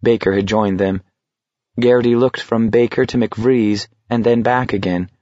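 A man narrating an audiobook in a measured, steady reading. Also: lowish voice, no echo, lo-fi sound. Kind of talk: scripted narration.

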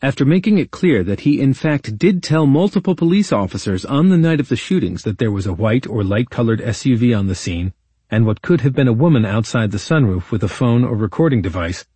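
A man narrating his own legal case as a first-person true-crime audiobook, in a measured, indignant storytelling manner. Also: medium pitch, animated, mellow, breathy edge, no echo.

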